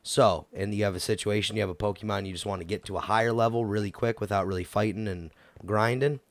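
Lowish-voiced guy goofing around while he plays, talks to the characters. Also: fairly even intonation, fast, no echo. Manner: goofy, chats to game characters. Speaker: gameplay commentator. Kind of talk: casual let's-play commentary.

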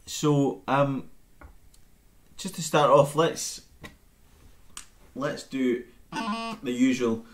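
A man giving a relaxed, chatty live-streamed bagpipe lesson from home into his camera mic. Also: mid-range voice, very slow, long pauses, faint music behind. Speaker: bagpipe teacher.

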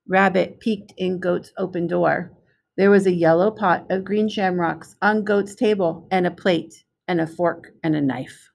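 A woman, a preschool specialist, reading a picture book aloud to young children in a slow, clear storytelling manner. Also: lowish voice, steady tone, darkish tone.

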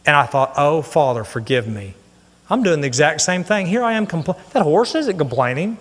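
A middle-aged man preaching a sermon, telling a personal story in an earnest, animated way. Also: on the high side, brisk. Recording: long hall reverb.

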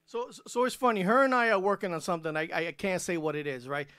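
A man's voice: sits high, fast, smooth, no echo. A man hosting an interview show, joking with his guest in casual chat and often repeating his first words. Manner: jokey, excitable, repeats words when starting. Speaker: radio host.

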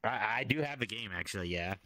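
A man streaming and chatting casually, playful and quick to laugh. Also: fairly low pitch, expressive, sharp tone, dry recording. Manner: playful and giggly, chatting to his cat. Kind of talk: casual chat.

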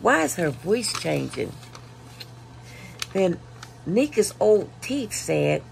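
A woman vlogger casually reading viewer comments aloud, laughing and mocking, punching the quoted lines loudly. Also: fairly low pitch, big pitch swings, slow, gravelly, long pauses, slight background noise. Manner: laughing, mocking, reads comments with loud emphasis.

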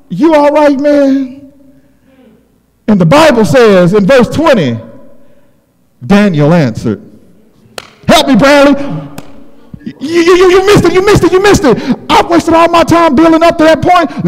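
Male preacher, very high and animated pitch; impassioned storytelling with shouted peaks. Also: moderate pace. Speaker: pastor. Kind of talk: sermon. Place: church sanctuary. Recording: long hall reverb.

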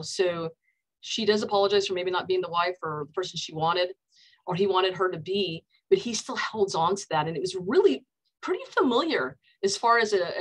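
A woman's voice: on the low side, poor audio. A woman counselor with an American accent, giving a casual book talk over a video call, chatty and full of fillers and restarts.

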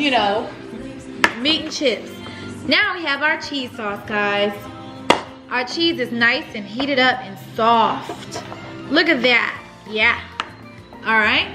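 Chatty woman vlogging in her kitchen. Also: sits high. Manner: chatty, talks straight to viewers as y'all. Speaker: vlogger host. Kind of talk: casual cooking vlog. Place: home kitchen, indoors.

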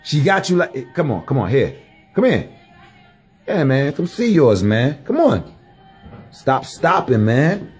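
A young man doing comic, slangy commentary as a mock mediator, scolding and coaxing in animated bursts. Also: medium pitch, moderate pace, music in the background. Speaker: comedic vlogger. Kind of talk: comic running commentary to dogs.

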